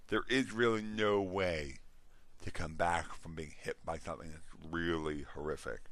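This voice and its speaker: Low, bright-voiced man rambling about games. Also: no room sound. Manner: rambling, with restarts and yawns. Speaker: host. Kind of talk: casual monologue on role-playing games.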